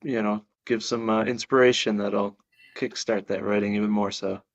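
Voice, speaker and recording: Low, flat-voiced man on muffled audio. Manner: earnest, reflective, halting restarts. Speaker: author guest. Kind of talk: interview answers.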